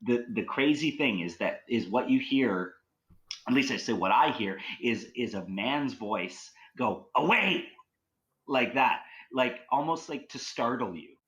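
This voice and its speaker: A man's voice: mid-range voice, measured pace, rough recording. A man from Canada, a podcast guest telling stories in a casual, rambling way full of fillers. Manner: rambling, filler-heavy, excitable. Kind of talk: casual storytelling.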